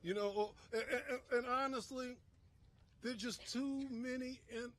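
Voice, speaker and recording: A man with a notably high voice speaks as a minister at an outdoor press conference. His delivery is impassioned, swinging between near-shouts and quiet, heavy phrases. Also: fairly even intonation, a little slow. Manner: impassioned, rising to shouts and dropping low. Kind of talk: emotional speech at a press conference.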